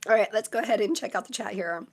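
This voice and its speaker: A woman's voice: medium pitch, fast, creaky. A woman in her forties from Southern California with a Valley girl cadence, a tarot reader rambling chattily on a live stream, her voice troubled for months. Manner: chatty, rambling, self-described quirky with no filter. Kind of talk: casual live stream chat.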